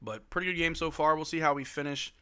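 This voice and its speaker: A man hosting a casual live watch-along of a game, calling the play-by-play, reading chat questions aloud and answering them, with loud excited outbursts at big plays. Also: on the high side, quick pace, clear, resonant tone. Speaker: livestream host doing play-by-play.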